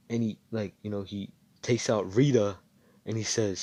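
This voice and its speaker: A man's voice: on the low side, steady tone, normal speed, warm tone. A young man casually retelling his own fan-fiction story over voice chat, rambling and swearing with lots of fillers.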